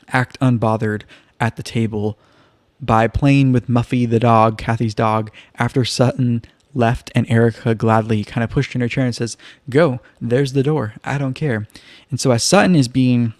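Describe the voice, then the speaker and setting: With a mid-range voice and no echo, a man runs a casual livestream recapping a reality show. His delivery is chatty, loose, and relaxed, peppered with "like," "kind of," and wry asides.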